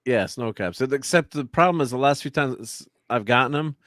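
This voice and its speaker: A man's voice: medium pitch, expressive, normal speed, fairly bright tone, dry recording, studio quality. A man hosting a casual livestream chat, laughing often and trailing off mid-sentence. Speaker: livestream host.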